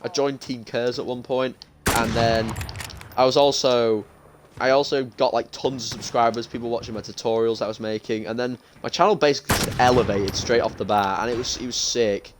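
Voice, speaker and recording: Chatty British teen streamer ranting. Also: male voice, mid-range voice, steady tone, fairly quick, noisy background. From United Kingdom. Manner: chatty and ranting, frequent restarts. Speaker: game streamer. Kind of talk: casual gaming stream chat. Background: faint game gunfire.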